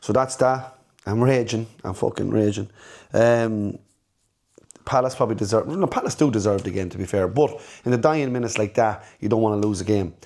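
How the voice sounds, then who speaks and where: Guy, fairly low voice, rambling fan chat, blunt and repeats himself a lot. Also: a little fast, a little mellow. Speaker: football fan channel host. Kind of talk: casual fan reaction chat.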